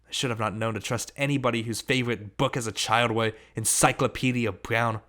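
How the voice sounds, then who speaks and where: A man reading a novel aloud as an audiobook. His voice sits in a mid range, and he carries the first-person story along at an even, steady pace. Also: mid-range voice, brisk, hardly any pauses. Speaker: audiobook reader. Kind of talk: audiobook narration.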